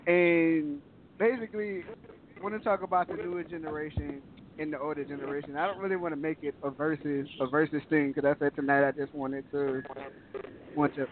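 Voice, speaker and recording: A man's voice: fairly high pitch, little pitch movement. A man hosting a talk radio show, moving things along and often restarting his sentences. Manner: halting, repeats himself. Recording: tinny phone line with faint noise.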